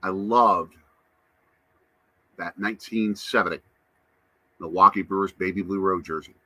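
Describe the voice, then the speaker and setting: A man's voice: sits low, fairly even intonation, a little slow, sharp tone, dry recording. A man hosting a casual live stream, chatting to viewers and reading out their comments. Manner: chatty, answers chat comments. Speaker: livestream host.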